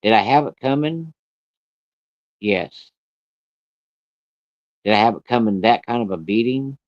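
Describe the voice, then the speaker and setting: A man's voice: mid-range voice, expressive, a little slow, no echo. A man telling a personal story in a blunt, plain-spoken way, cursing freely. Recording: dry, dull lo-fi recording.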